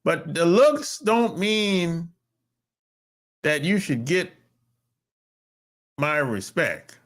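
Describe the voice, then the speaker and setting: Blunt, profane man with a lively voice. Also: extremely slow, slight background noise. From North America. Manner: blunt, profane and emphatic, with sudden pitch jumps. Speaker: podcast host. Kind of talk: casual monologue.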